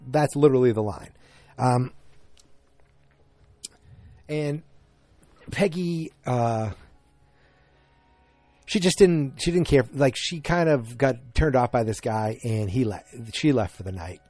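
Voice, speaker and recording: Male podcast host, casual recap, halting and rambling delivery, dry close sound. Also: medium pitch, expressive, darkish tone, dry recording, faint music behind. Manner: rambling, halting, many fillers and restarts.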